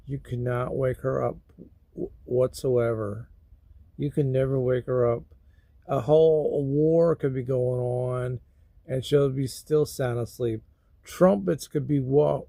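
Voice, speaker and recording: A man vlogging about feeling sad and sleepy, talking in a slow, rambling way with sudden loud bursts. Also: mid-range voice, vocal fry, no echo. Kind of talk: emotional personal vlog.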